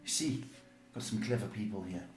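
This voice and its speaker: A man's voice: fairly low pitch, fairly quick, darkish tone, roomy sound. A man hosting a live psychic advice show, answering questions bluntly with teasing jokes. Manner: blunt, teasing, jokes at his own expense. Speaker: psychic tarot host. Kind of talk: live-stream advice chat.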